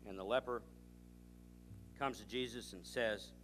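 A man preaching, telling a story with animated dialogue and reading scripture. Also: lowish voice, unhurried, faint music behind. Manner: animated storytelling, acting out both sides of a dialogue. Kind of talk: sermon with anecdotes.

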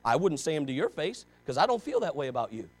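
A man's voice: a little high, sing-song, quick pace, a little mellow. A pastor preaching a sermon to his congregation, talking straight at them in an impassioned, conversational way and pressing them with rhetorical questions.

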